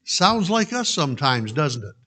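Bright-voiced preacher delivering a sermon. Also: male voice, a little high, very animated, moderate pace. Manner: earnest, exhorting, storytelling. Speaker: pastor.

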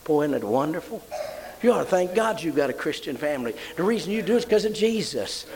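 A man's voice: sing-song, a little fast, a crowd in the background, rough recording. An older man preaching a sermon, telling a story and rising into fervent praise. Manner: fervent, rising to high emotional exclamations.

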